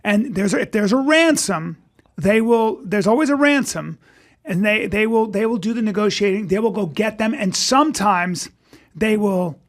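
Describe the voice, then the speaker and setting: A comedian guest on a podcast, a man telling rambling, animated stories in casual chat. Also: high voice, normal speed.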